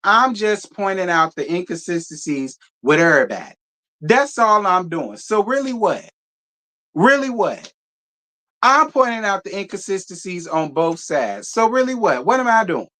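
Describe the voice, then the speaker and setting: Lively, challenging commentary host. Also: mid-range voice, moderate pace. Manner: challenging, rhetorical, repeats questions. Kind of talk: reaction commentary.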